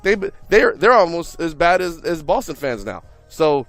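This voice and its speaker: A man's voice: fairly high pitch, very animated, moderate pace, fairly bright tone, faint music behind. A man co-hosting casual sports talk, laid-back and joking with slangy asides. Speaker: co-host.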